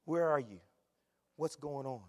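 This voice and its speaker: A man's voice: fairly high pitch, lively intonation, unhurried, big-room sound. A preacher voicing a pleading mother. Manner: guilt-laden, pleading. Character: pleading mother calling to her grown son.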